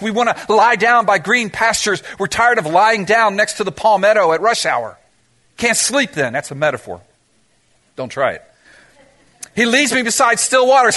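Guy preaching, high lively voice, lots of questions to the crowd, cracks little jokes. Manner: preaching with rhetorical questions and dramatic pauses; humorous asides. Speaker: pastor. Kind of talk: sermon.

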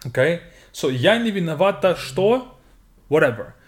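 Man, podcast host, upbeat and animated, slightly higher voice, teaching phrases. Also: normal speed. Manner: upbeat, animated, laughs often. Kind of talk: casual podcast chat and language lesson.

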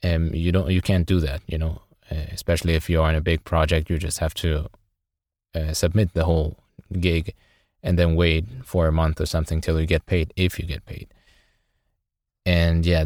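Non-native English-speaking man, low-pitched, dry recording, polite caller with fillers. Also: darkish tone, dry recording. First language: not English. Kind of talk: recorded audio question. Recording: dry clean home recording.

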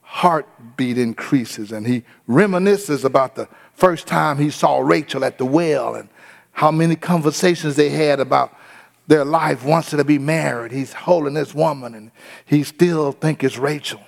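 A man's voice: fairly high pitch, measured pace, creaky, in a large hall. A man preaching a sermon, retelling a story and putting questions to his congregation. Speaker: pastor.

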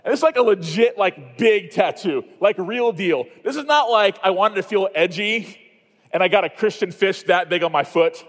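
A man from Iowa preaches at a conference in a chatty, self-mocking storytelling way, full of quick asides and restarts. His voice sits a little high for a man. A long reverb from the large hall trails after each phrase. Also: expressive, a bit bright. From Iowa, USA. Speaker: conference speaker. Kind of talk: storytelling sermon.

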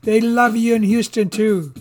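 A reader voicing a chorus of eager male staffers flattering their boss. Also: mid-range voice, a little slow, faint music behind, pitched above the performer's own voice, close to an everyday voice. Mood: fawning.

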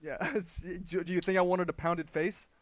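A man casually telling stories with his brothers, animated, swearing and laughing. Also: high-pitched, moderate pace, no echo, dull audio. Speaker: brother in the chat. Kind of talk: casual chat.

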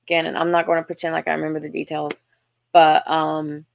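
A woman's voice: low voice, monotone, a little fast, gravelly, a little hiss or hum. A young woman with a Southern US accent hosting her own podcast, telling stories in a chatty, self-deprecating way with lots of restarts. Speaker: podcast host. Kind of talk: casual storytelling monologue.

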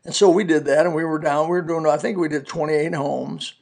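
Gravelly-voiced man in his seventies preaching. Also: fairly high pitch, steady tone, a little fast, a little mellow. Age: 70s. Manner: earnest, folksy storytelling with scripture quotes. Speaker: podcast preacher. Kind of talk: personal testimony sermon.

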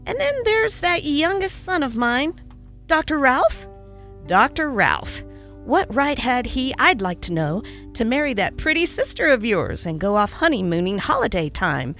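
A woman's voice: sits high, sing-song, unhurried, a bit bright, soft background music, voice pushed up, full character voice. A woman voicing a kindly, fussy older male country doctor in a storybook reading, grumbling with good humor. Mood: grumbling, jovial. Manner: grumbling good-humored, old-fashioned phrasing.

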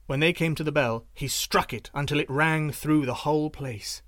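Male storyteller, scripted narration, slightly high voice, dry close sound. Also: moderate pace, fairly bright tone, no room sound.

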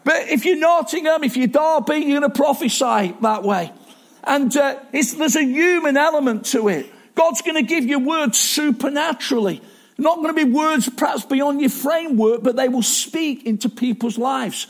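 A man's voice: extremely high pitch, moderate pace. A man preaching a sermon in a chatty, self-deprecating way, with asides and restarts.

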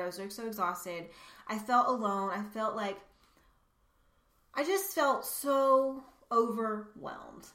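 A woman's voice: mid-range voice, pushed and bright, reverberant. A woman podcast host sharing a personal story in an earnest, emotional way, speaking straight to her listeners.

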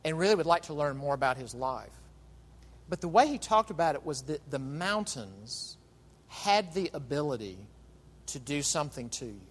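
A man preaching a sermon as pastor, emphatic, with rhetorical questions and dramatic pauses. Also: on the high side, sing-song, big-room sound.

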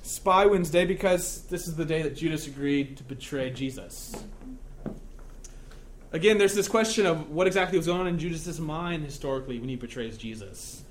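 A man's voice: a little high, normal speed, a little hiss or hum. A male pastor giving a conversational sermon, joking often and checking in with his listeners.

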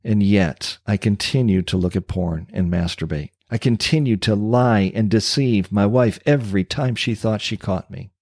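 An older man with a fairly low voice tells his own story in a heartfelt, confessional way, pausing to lean on key words. The sound is dry and close, with no room behind it. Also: darkish tone, dry recording. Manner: earnest and confessional, with slow emphatic pauses. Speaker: ministry coach and former pastor. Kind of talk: personal testimony.

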